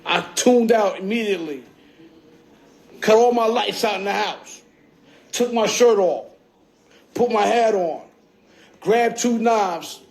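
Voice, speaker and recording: A man with a high voice for a man rambles through a story on a livestream, speaking slowly and creakily with long pauses. He swears freely in a streetwise manner and keeps checking in with "you heard?". The sound comes through a phone mic.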